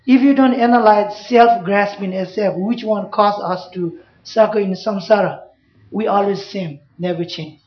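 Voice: mid-range voice, moderate pace. A Buddhist teacher giving a Dharma class, speaking in simple broken English and checking in with "you know" and "yeah?". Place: class room. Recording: echoey, dull room recording.

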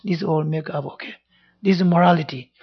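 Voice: mid-range voice, brisk, breathy edge. Buddhist teacher, broken english, repeats words, keeps asking yeah, dull lo-fi recording. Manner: broken English, repeats phrases, tag-question check-ins. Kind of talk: dharma talk with interpreter.

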